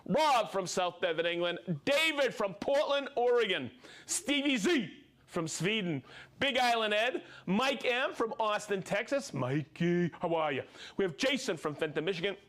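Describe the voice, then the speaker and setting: High, animated male live-show host. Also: normal speed. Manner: energetic, jokey, laughs often. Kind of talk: lively live-stream chat reading viewer shout-outs.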